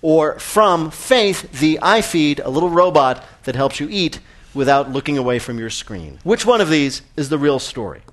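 A man hosting a radio quiz show in an upbeat, brisk, emphatic way. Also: a little high, expressive, a bit bright.

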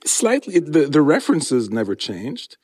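A man's voice: on the high side, wildly swooping pitch, unhurried, a little mellow, slightly rough, dry recording. A man in his forties, a musician from Montreal, recounting his musical beginnings in an interview. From Montreal, Canada. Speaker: musician guest. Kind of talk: casual interview answers.

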